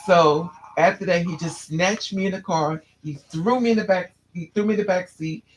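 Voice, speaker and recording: A man's voice: sits high, moderate pace, a little hiss or hum, rough recording. A man telling a personal story to a listener, candid and restless, often repeating and restarting his phrases.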